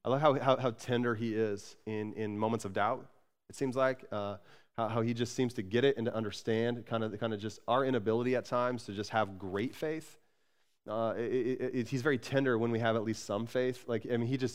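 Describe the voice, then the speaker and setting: A pastor preaching a sermon, energetic and conversational, repeating words and swinging between loud emphasis and soft, tender passages. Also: male voice, medium pitch, brisk, clear, resonant tone.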